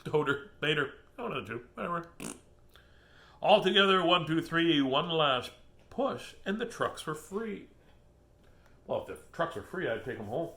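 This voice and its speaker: A man's voice: a little high, very animated, normal speed, long pauses, sharp tone. A man hosting a casual storytime, reading children's books aloud with jokes and asides. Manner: playful, jokey, laughs at his own puns.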